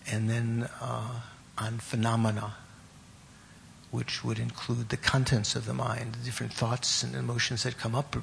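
A man teaching a class on Buddhist meditation and terms, pausing often, repeating words and putting questions to his students. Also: mid-range voice, creaky, fairly bright tone, slight background noise.

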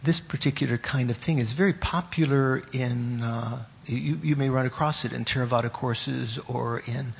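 A man teaching a class on Buddhist meditation and terms, pausing often, repeating words and putting questions to his students. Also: medium pitch, fairly even intonation, creaky, breathy edge.

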